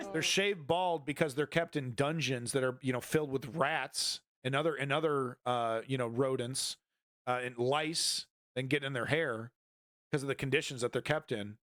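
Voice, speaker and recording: A man's voice: mid-range voice, fairly bright tone. A man streaming casual commentary on news footage, rambling with many fillers and restarts and a sardonic edge.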